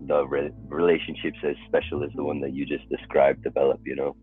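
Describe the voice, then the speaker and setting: A young adult man hosting a podcast, responding in a calm, affirming way. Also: very deep voice, brisk. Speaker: podcast host. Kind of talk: conversational podcast interview. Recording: tinny phone-like line with faint music.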